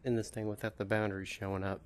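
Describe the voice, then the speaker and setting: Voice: deep voice, level tone, quick pace, noisy background. A gaming video host giving chatty VR gameplay commentary and playfully taunting enemies.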